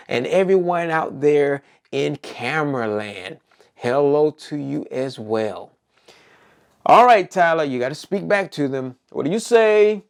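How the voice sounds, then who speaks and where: A man's voice: mid-range voice, animated, slow, a little mellow. A man hosting a preschool circle time lesson, cheerfully asking young children and puppets questions.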